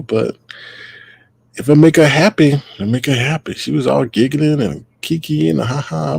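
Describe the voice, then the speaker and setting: A man's voice: medium pitch, vocal fry, darkish tone, breathy edge, dry recording. A man hosting a casual livestream, greeting viewers by name in a loose, playful way. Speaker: livestream host.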